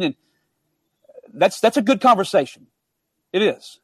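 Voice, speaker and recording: A man preaching a sermon, earnest and emphatic, building up then dropping to quiet asides. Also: high-pitched, expressive, normal speed, pauses often, no room sound.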